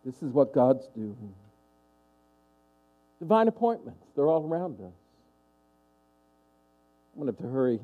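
A man's voice: mid-range voice, very animated, unhurried, pauses often, phone-quality sound. A man pastor preaching a sermon, stirring and passionate, calling out to the congregation. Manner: impassioned preaching with call-and-response asides.

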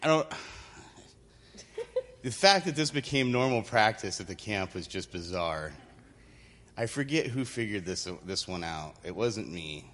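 A man's voice: fairly low pitch, unhurried, long pauses. Laughing man telling a story in a hall. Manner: animated storyteller, acts out quotes, laughs often. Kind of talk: storytelling to a congregation. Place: church hall. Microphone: handheld microphone. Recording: reverberant hall with faint ambience.

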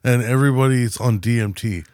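A man's voice: medium pitch, brisk, darkish tone. A man co-hosting a podcast in crude, joking banter, acting out the people he quotes. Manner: profane, jokey, acts out quoted people. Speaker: podcast co-host.

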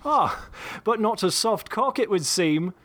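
A man's voice: sits high, animated, a little slow, background noise, voice pushed up. A man voicing a brash, guffawing English gunman with an English accent. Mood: sly. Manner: loud, blustering, guffawing.

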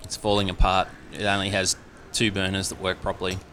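A man's voice: low-pitched, monotone, fairly quick, sharp tone, a little hiss or hum. A man in his thirties with an Australian accent, chatting casually and rambling with lots of fillers. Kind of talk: casual chat.

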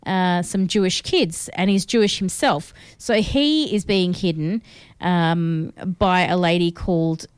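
A woman's voice: fairly low pitch, measured pace, clean tone, no echo. An Australian woman co-hosting a film review show, talking casually and with strong opinions, using lots of fillers. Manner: chatty, opinionated, with frequent fillers. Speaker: film review podcast co-host.

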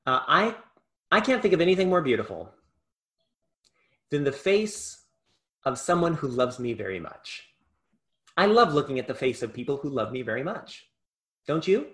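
واعظ رجل يلقي خطبة بحماس، صوته أعلى قليلاً من المعتاد. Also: male voice, fairly high pitch, very animated, moderate pace, pauses often. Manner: impassioned, swings between loud and hushed. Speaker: preacher. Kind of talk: sermon.

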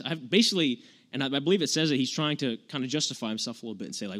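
A male preacher giving a relaxed, conversational sermon. He speaks at a middle pitch and retells old stories in modern, casual phrasing. He often restarts his sentences as he searches for words. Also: rapid-fire, few pauses. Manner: conversational, earnest, retells scripture in everyday words. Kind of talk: informal sermon.

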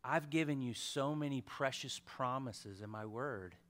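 A man in his thirties gives a casual sermon, moving between loud exhortation and hushed emphasis. His voice is medium in pitch and his pace unhurried.

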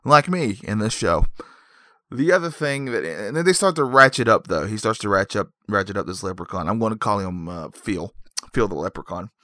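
A man's voice: lowish voice, lively intonation, a little fast, bright, forceful tone, no echo, clean studio sound. A man rambling through a comedic plot recap, full of digressions and self-mocking jokes.

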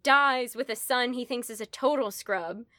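A woman, her voice pitched a little high, talks through a story in an animated, casual way. She tosses in playful asides as she goes. The recording is dry, with no room echo. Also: normal speed. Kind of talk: casual literary discussion.

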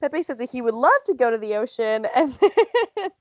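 Woman co-host, casual chat, higher voice with very lively pitch, dry close sound. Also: moderate pace, no echo. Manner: lively recap with frequent laughs and fillers. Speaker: podcast co-host.

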